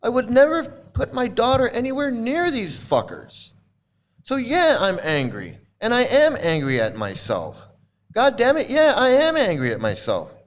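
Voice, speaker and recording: A middle-aged channel host who criticizes cults rants furiously and repetitively to camera, swearing and bitter. His very high voice swoops wildly at a moderate pace, and in his anger it sometimes breaks.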